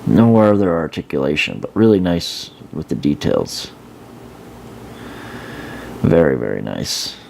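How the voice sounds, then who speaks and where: A man's voice: extremely low pitch, sing-song, unhurried, creaky, long pauses, darkish tone, a little hiss or hum. A man casually showing and reviewing an action figure, rambling with fillers and restarts. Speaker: toy reviewer. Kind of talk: casual hands-on product review.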